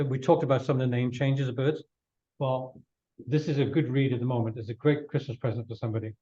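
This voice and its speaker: A man giving a casual slide talk to a club, rambling with many restarts and losing his voice a little. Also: mid-range voice. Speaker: guest speaker. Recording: dull lo-fi room recording.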